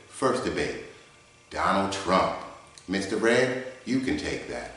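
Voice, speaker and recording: Deep-voiced man hosting from a garage. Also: big pitch swings, a little slow, a bit bright. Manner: laid-back, folksy. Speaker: talk show host and mediator. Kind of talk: casual home-made talk show. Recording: echoey garage.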